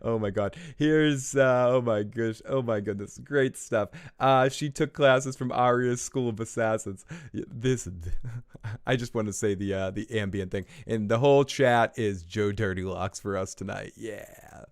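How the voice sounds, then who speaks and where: A man's voice: on the low side, a little slow, smooth. Rambling, cursing man hosting a show. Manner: rambling, profane, laughs often. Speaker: show host. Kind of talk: casual live review show with callers and chat. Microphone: small recorder on the desk.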